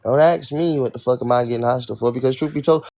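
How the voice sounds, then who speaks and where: Fast-talking irritated man venting to chat. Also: medium pitch, darkish tone. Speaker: livestream host. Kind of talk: ranting livestream talk to chat.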